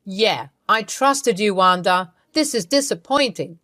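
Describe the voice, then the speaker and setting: Woman doing a cold, accusing young husband, lowered voice, dry read. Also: expressive, measured pace, pushed and bright, dry recording. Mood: hurt angry. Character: hurt, angry young husband on speakerphone.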